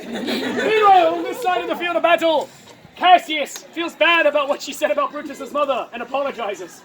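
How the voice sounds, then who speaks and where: A woman performer narrating a live comic show outdoors to an audience, loud and playful, often laughing mid-line. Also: sits high, lively intonation, moderate pace. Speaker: street performer leading an audience-participation show. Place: outdoor fairground. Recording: outdoor crowd noise. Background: noisy crowd.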